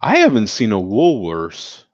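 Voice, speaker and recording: A man from the United States hosting a casual chat show, reacting to viewer comments with frequent laughs and animated exclamations. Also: lowish voice, a little slow, dry recording. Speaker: show host. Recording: dull, dry lo-fi sound.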